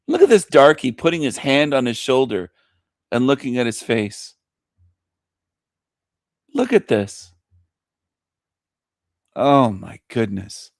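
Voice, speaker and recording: A man's voice: mid-range voice, no echo, clean studio sound. A man hosting a talk show, ranting bluntly and scornfully with lots of profanity and repetition. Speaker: show host. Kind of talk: ranting commentary over clips.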